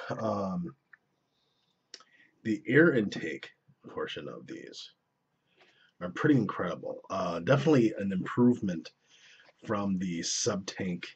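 A man's voice: low-pitched, darkish tone, slightly rough. A young man giving a casual, rambling, profane review of vaping gear at home, often breaking off mid-sentence. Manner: rambling, profane, self-interrupting. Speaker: vlogger reviewing vape gear. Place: indoors at home. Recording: dull lo-fi camera audio.

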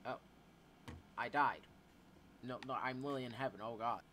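A man giving profane, excitable, joking gameplay commentary as a YouTuber. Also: medium pitch, moderate pace, a little hiss or hum. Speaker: gaming YouTuber.

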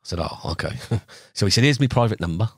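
A man's voice: lowish voice, expressive, fast, vocal fry, husky, no room sound, studio quality. Chatty middle-aged man telling fishing stories. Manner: chatty, acts out quoted dialogue with laughs. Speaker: podcast guest, carp angler. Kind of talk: casual storytelling.

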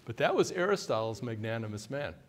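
A man's voice: medium pitch, very animated. Older man leading a conference workshop. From United States. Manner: conversational, quizzes audience with questions; mimics a haughty deliberate voice at times. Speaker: workshop speaker.

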